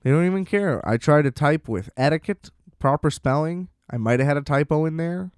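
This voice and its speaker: A man's voice: a little high, expressive, a little fast, darkish tone, clear, resonant tone, no room sound, clean studio sound. A man hosting a podcast alone, ranting in an exasperated, profane way and acting out sarcastic back-and-forths. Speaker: podcast host. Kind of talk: solo ranting monologue.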